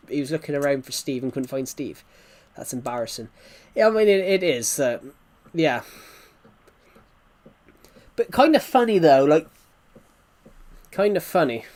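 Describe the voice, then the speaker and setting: A man's voice: fairly high pitch, darkish tone. A man, a gaming streamer, telling a story in casual chat with rambling restarts.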